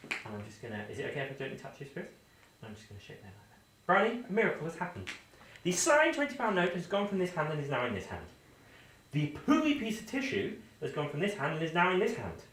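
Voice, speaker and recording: A man with a fairly high voice gives playful, teasing magic patter. He talks a volunteer through the trick. The sound is echoey, with faint background hiss, and he stands off mic. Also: fairly bright tone. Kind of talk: live magic-show patter. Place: indoor venue. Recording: echoey room, mic at a distance.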